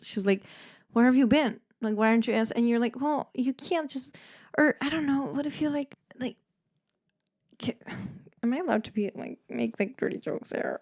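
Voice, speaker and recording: A woman's voice: fairly high pitch, moderate pace, a little mellow. A young woman from the Netherlands hosting a solo podcast, chatting casually and rambling with lots of "like" and frequent laughter. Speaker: podcast host.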